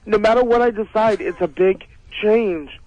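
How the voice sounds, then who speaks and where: A man's voice: high-pitched, normal speed, a little mellow, dull audio. Glum, subdued man in his thirties. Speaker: radio show guest. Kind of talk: casual radio talk.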